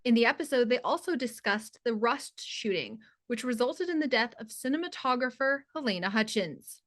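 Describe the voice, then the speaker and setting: A woman narrating a scripted entertainment news voice-over in a crisp, informative way. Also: a little high, animated, moderate pace, fairly bright tone, slight background noise.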